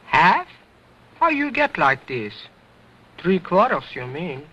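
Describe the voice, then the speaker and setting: A man's voice: sits high, big pitch swings, slow pace, pushed and bright, voice pushed up, full character voice. A man voicing a cheeky little boy ventriloquist dummy, wisecracking in broken English, on a dull lo-fi old recording. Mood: sassy.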